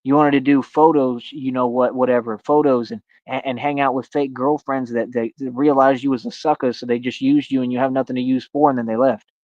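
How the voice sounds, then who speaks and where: A man's voice: medium pitch, fairly even intonation, a little fast, hardly any pauses, darkish tone, no room sound. Boastful man ranting on a livestream. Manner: boastful, confrontational, calls out rivals. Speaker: streamer. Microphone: streaming mic. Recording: dry, slightly dull lo-fi stream audio.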